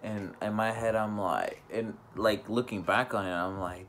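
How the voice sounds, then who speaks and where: A young man with a lowish voice tells a rambling storytime, piling up fillers and restarts as he goes. His talk is loose and casual, over a faint background hiss. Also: steady tone, a little slow, fairly bright tone. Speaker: vlogger.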